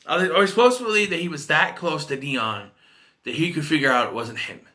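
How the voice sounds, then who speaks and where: A man's voice: on the high side, fairly quick, sharp tone. A man giving a casual spoken film review, rambling and repeating himself.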